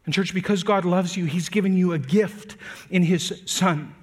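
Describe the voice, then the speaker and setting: Earnest male preacher, slightly high voice. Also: breathy edge. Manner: earnest preaching, slows and lifts voice for emphasis; drops to soft, quiet delivery on tender points. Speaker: pastor. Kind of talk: sermon.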